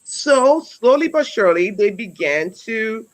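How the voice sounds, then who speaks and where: A woman's voice: fairly high pitch, expressive, a little slow, poor audio. A woman in her forties, an educator, telling a story in a conversational way. She speaks earnestly, with many restarts and repeated words, and ends by urging listeners on. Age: 40s. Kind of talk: conversational storytelling on a wellness talk.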